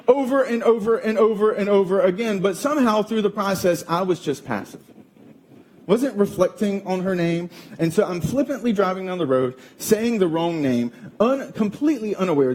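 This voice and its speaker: A man in his thirties preaching a sermon as pastor, telling a family story with animated, acted-out quotes. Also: high-pitched, normal speed. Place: church auditorium.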